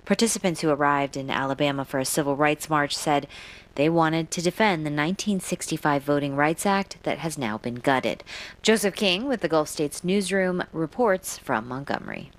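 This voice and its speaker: A female news anchor with a notably low voice. She introduces stories and questions a reporter in a composed broadcast tone. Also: normal speed.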